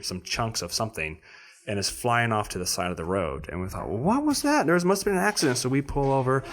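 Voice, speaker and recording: A man on a podcast telling a story in casual chat, acting out other people with sudden high voices. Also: background noise. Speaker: podcast co-host.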